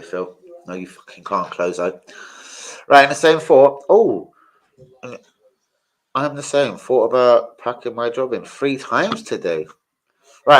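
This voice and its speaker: On a live stream, a young man chats casually, spinning animated, crude anecdotes packed with swearing. His voice sits in the mid range, and the recording sounds poor.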